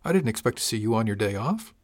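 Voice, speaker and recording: A man's voice: on the low side, sing-song, fast talker. A man voicing an eager young male crewman who politely calls everyone sir, in an audiobook reading. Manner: polite, says sir constantly.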